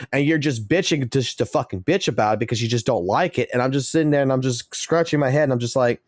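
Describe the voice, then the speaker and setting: A man's voice: mid-range voice, animated, quick pace, few pauses, darkish tone, no echo, clean studio sound. A man in his thirties or forties, a game streamer ranting profanely and with exasperation during a live broadcast.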